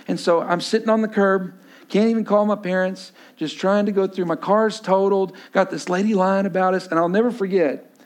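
A man, a pastor preaching and telling a personal story, acting out voices and dropping low and quiet for emphasis. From Texas.

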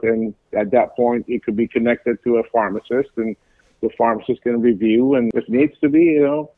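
A man talking as a guest in an interview, explaining at length with halting speech, frequent fillers and restarts. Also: mid-range voice, dry recording. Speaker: pharmacy business guest. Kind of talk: casual interview chat. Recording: tinny phone line.

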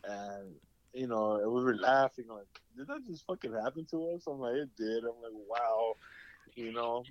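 A man co-hosts a relaxed podcast at a moderate pace, his medium-pitched voice animated. His rambling tales are thick with curses and dramatized quotes, recorded without echo and with the top end cut off.

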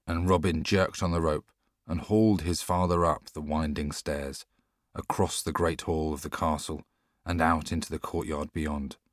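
A man narrating an audiobook in a measured, steady storytelling manner. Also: rumbling low, no room sound, studio quality. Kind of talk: scripted narration.

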